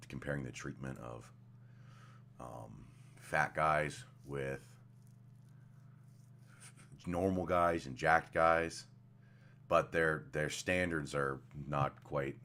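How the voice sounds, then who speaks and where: Very deep-voiced man streaming a game. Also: fairly even intonation, slow pace, vocal fry, long pauses, sharp tone, slight background noise. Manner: rambling, casual, swears often, mumbles asides. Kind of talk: casual live-stream commentary.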